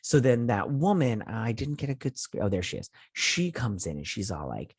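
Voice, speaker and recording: A man with a husky, low-pitched voice gives a loose, chatty recap of a TV episode. He rambles and paraphrases scenes with plenty of "like" and side comments. His voice is recorded dry and close. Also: animated, brisk, hardly any pauses, dry recording. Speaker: show host reviewing a TV episode. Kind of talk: casual episode recap and review.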